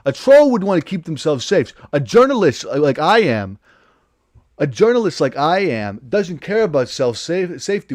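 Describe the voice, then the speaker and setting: A man hosting a livestream, delivering a satirical in-character political rant. He rambles, keeps cutting himself off, and flares into loud indignation. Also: on the high side, big pitch swings, normal speed. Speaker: livestream host.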